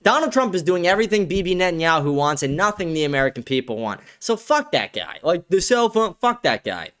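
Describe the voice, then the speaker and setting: A man's voice: high-pitched, big pitch swings, a little fast, a bit bright. A young man hosting a livestream show, ranting in a profane, aggressive, heated way. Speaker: show host. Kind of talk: livestream political rant.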